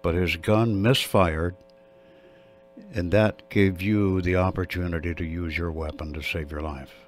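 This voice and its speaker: A man's voice: low-pitched, steady tone, measured pace. A male radio host interviewing a guest, affirming his answers and summing up the story.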